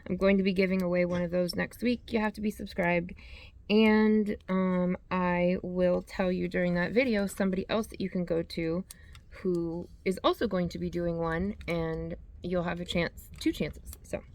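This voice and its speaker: A woman with a lowish, slightly mellow voice speaks at a moderate pace in a steady tone. She hosts a yarn channel, chatting casually in a show-and-tell vlog as she reads yarn labels aloud and corrects herself along the way.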